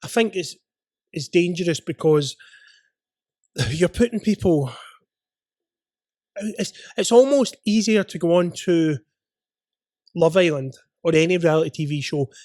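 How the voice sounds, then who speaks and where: Host guy, higher voice, keeps digging with questions, dry mic. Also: unhurried, long pauses, a little mellow, dry recording. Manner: probing, follows up with questions. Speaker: podcast host. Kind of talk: casual interview.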